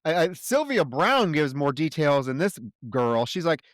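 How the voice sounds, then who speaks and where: On a laid-back movie podcast, this co-host's sing-song, somewhat high voice runs at normal speed with barely a pause. He sums up the plot with sarcastic swearing and performs the characters' lines in quotes, in clean studio sound with no room echo.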